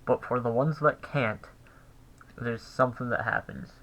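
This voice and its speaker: A man giving a casual recorded language lesson, thinking aloud with pauses and restarts. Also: mid-range voice, steady tone, fairly bright tone, poor audio. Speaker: language teacher.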